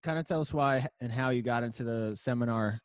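A man hosts a podcast in a laid-back, easy way, laughing along with his guest. His voice sits at a middling pitch. The sound is dry and close. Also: a little fast, clean tone, no room sound. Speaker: podcast host. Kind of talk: casual podcast chat.

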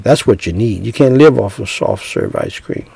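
A man's voice: fairly low pitch, huge pitch swings, normal speed, creaky, darkish tone, breathy edge, no room sound, low-quality recording. A man preaching an evangelistic sermon, speaking earnestly and directly to the listener and leading a prayer phrase by phrase.

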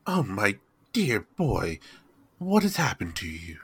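A soft-spoken priest coaxing a confession, as a man plays him in a tabletop game. His voice is bright with a husky edge and a lively lilt. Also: fairly low pitch, takes it slowly, no echo, full character voice. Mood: gentle. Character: gentle, smooth-talking male priest.

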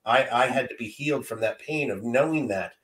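A man's voice: mid-range voice, brisk, a bit bright. A man in his fifties telling a heartfelt personal story as a guest, earnest and often repeating words as he gathers his thoughts. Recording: roomy echo.

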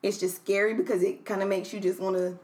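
A woman's voice: medium pitch, level tone, fast. Sassy, outspoken young woman, podcast co-host. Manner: blunt, sassy, teasing, trails off quietly. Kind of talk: casual chat.

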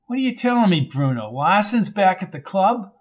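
A man's voice: high voice, expressive, unhurried, pitched above the performer's own voice. A man doing a brash, tough-talking club owner. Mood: exasperated. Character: tough nightclub owner and coach, hot-tempered man.

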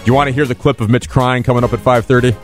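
A man's voice: medium pitch, fairly even intonation, racing, soft background music. Teasing male radio host. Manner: teasing, needling. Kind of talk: casual radio banter. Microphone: studio mic.

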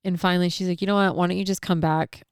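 A middle-aged woman with a smooth, resonant, slightly low voice tells a personal story in a loose, chatty way. She acts out her own inner thoughts with lively swings and swears freely. The sound is dry and close. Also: fast talker, no room sound. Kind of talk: casual storytelling.

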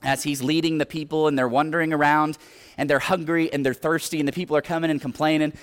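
A man's voice: a little high, fairly even intonation, fast talker. Earnest man preaching a sermon. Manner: earnest, exhorting, retells scripture stories.

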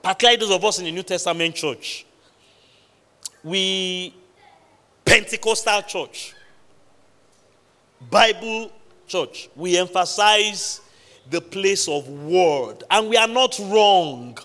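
A man preaching a midweek sermon, with emphatic pauses, quoting scripture and repeatedly questioning the congregation. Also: sits high, bright, forceful tone. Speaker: pastor. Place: large church hall. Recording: long hall reverb.

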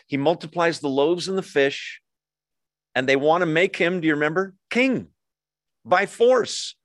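A man's voice: fairly high pitch, measured pace, no echo. A man preaching a sermon as a pastor, teaching in a conversational way and often asking the audience questions.

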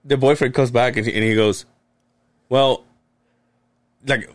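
A man's voice: mid-range voice, steady tone, a little slow, no room sound. A man telling a long, rambling story in casual podcast chat, swearing and restarting often. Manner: rambling, profane, many restarts. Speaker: podcast co-host.

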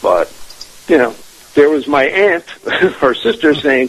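A man's voice: mid-range voice, expressive, a little slow, fairly bright tone, poor audio. A man telling a family ghost story as a radio interview guest, rambling with many restarts and fillers.

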